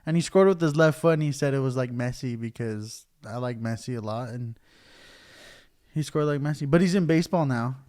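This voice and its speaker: A man's voice: mid-range voice, fairly quick, darkish tone. A man co-hosting a podcast, talking loosely about his kids with many fillers. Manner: loose, rambling, filler-heavy. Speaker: podcast co-host. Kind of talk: casual chat.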